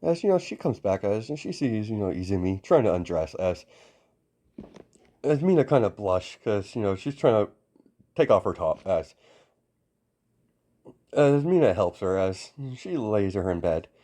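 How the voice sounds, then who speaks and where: A man's voice: on the low side, sing-song, a little slow, pauses often, warm tone. A man casually narrating a fan story in a rambling way, full of fillers and restarts.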